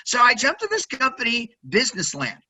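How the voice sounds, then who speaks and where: A man in his sixties, a podcast guest telling stories in a loud, high-energy, quirky way, often tagging sentences with "right?". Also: wildly swooping pitch, a little fast, poor audio. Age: 60s. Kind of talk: energetic interview storytelling.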